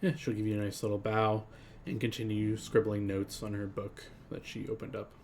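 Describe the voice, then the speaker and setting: A man's voice: lowish voice, little pitch movement, moderate pace, gravelly, a little mellow, a little hiss or hum. Rambling man running a tabletop game. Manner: rambling, full of um and like. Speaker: game master.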